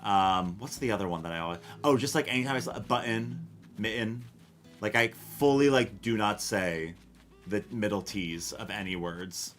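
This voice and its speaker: A man's voice: lowish voice, a little fast, soft background music. A man live-streaming a cozy game, chatting casually and answering chat in a rambling, self-questioning, wry way with casual swearing. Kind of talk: casual gameplay chat, reading chat.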